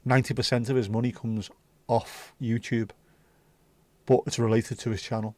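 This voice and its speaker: Scouse male streamer, warm low-key tone, dry close sound, rambling casual chat. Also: flat delivery, normal speed, no room sound. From Liverpool, England. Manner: chatty, rambling, swears freely. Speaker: livestream host.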